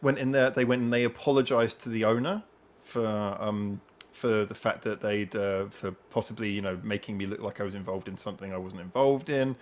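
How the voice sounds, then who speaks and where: A man's voice: lowish voice, fairly quick. A man hosting a podcast, telling a long personal story in casual chat and acting out what other people said. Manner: animated, acts out others' lines. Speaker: podcast host.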